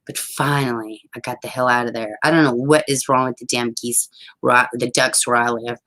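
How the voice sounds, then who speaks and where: A woman hosting a casual livestream, telling a story in a lively, profane way with a lot of laughing, and answering viewer comments as she goes. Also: very deep voice, brisk, rough recording. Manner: animated, profane, laughing often. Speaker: livestream host.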